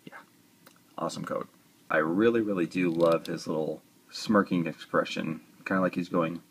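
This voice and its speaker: A man's voice: low-pitched, steady tone, moderate pace, breathy edge. A man casually reviewing a toy, chatty and rambling, with joking asides.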